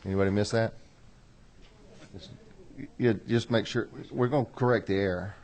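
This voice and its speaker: A man runs a legislative committee hearing. His voice sits a little low, and his manner is folksy and apologetic. He slows right down to read bill wording line by line. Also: steady tone, a little mellow, a little hiss or hum. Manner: folksy, apologetic, slow and careful when reading bill text. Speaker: committee chairman.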